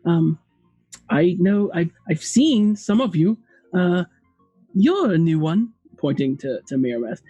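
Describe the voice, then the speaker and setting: A game master voicing a gushing young noblewoman, the potentate's daughter, bubbly and high-pitched. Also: animated, takes it slowly, mellow, breathy edge, dry recording, lo-fi sound, faint music behind, heavily acted. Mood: gracious.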